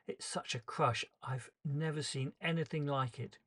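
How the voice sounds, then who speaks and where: A man's voice: on the high side, fairly even intonation, normal speed, few pauses, fairly bright tone. A man performing an emotional first-person dramatic monologue as storyteller, earnest and shifting pace with the tension.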